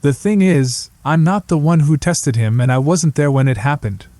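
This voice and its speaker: A man reads a sardonic young brother who lectures with dry dismissal, his voice a touch higher than the narrator's and mellow. The recording is close and dead. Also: moderate pace, no room sound, close to an everyday voice. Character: blunt, sardonic young man, psychology student.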